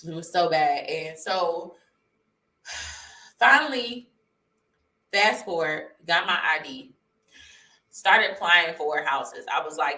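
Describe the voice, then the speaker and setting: A woman's voice: fairly low pitch, slow pace, pauses often, pushed and bright. A woman sharing a personal testimony in an earnest, heartfelt way, near tears and rambling with restarts. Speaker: vlogger sharing her testimony. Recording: roomy sound, mic at a distance.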